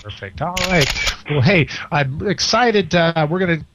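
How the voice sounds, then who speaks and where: A man's voice: fairly high pitch, animated, measured pace, noisy background. A middle-aged man hosting a casual talk radio show, speaking hesitantly with many fillers and restarts. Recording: slightly dull, lo-fi radio audio.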